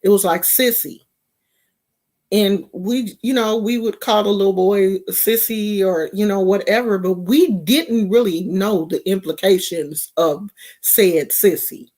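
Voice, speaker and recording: A woman's voice: medium pitch, a little slow, darkish tone. A woman from California giving casual gossip commentary in a slangy, mocking, rambling way. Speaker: vlogger.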